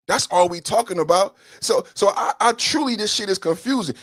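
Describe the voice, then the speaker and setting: High-voiced man ranting on a podcast. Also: expressive, a little fast, few pauses, fairly bright tone, no echo, clean studio sound. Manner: heated, emphatic ranting with profanity. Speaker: podcast host. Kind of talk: solo podcast monologue.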